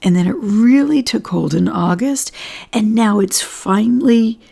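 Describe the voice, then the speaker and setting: A hoarse woman hosting a casual livestream talk, chatty, often laughing and clearing her throat. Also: medium pitch, lively intonation, measured pace, mellow. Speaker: host presenting Schumann resonance readings.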